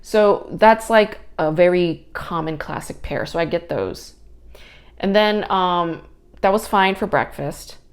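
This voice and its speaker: A woman's voice: lowish voice, takes it slowly. Profane, ranting woman podcast host. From New York area. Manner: profane, exasperated, animated ranting. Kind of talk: casual storytelling podcast.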